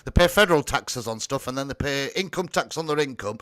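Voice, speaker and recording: Bright-voiced chatty man hosting. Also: medium pitch, animated, fast. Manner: chatty, joking, swearing, laughs often. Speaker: host. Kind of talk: casual live chat.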